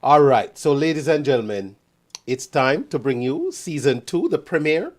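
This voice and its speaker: A man with a lilt, hosting a live show at an ordinary middle pitch. He keeps the energy up, hyping upcoming events and greeting listeners by name. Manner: upbeat hype, shout-outs to listeners. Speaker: radio show host.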